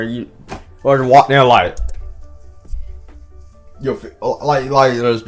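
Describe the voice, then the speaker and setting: A man's voice: lowish voice, a bit bright. A young man giving a casual reaction commentary, full of profane slang, fillers and restarts. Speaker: manga reaction vlogger.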